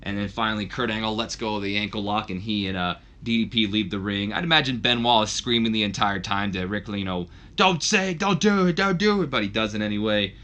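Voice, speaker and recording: A man's voice: on the low side, fairly even intonation, fast talker, few pauses, bright, forceful tone, lo-fi sound. A man casually narrating a wrestling game session, rambling with fillers. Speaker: let's play host.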